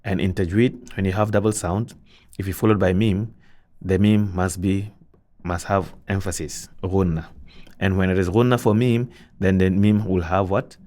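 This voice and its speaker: A man's voice: sits low, fairly even intonation, normal speed, darkish tone. A man teaching Quran recitation rules, patiently repeating points, asking and answering his own questions, and chanting verses as examples.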